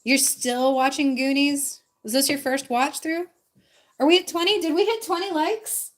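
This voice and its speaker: A woman hosting a relaxed livestream, chatting loosely and directly with her viewers, with plenty of ums and likes. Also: sits high, normal speed. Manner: loose, filler-heavy talk with frequent ums and likes. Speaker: livestream host. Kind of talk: casual livestream chat.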